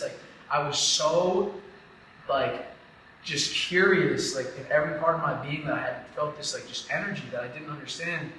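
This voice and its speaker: A man's voice: a little high, moderate pace, bright, forceful tone. A man telling a personal story as a podcast guest, rambling and emotional, with a constant "like". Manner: rambling and emotional, heavy use of "like". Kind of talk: casual interview storytelling. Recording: echoey room, far from the mic, noisy.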